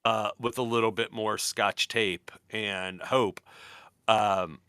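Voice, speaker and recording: A man co-hosting a podcast in casual chat, animated and quick to slip into comic voices. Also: on the low side, clean tone, no room sound, clean studio sound. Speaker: podcast co-host.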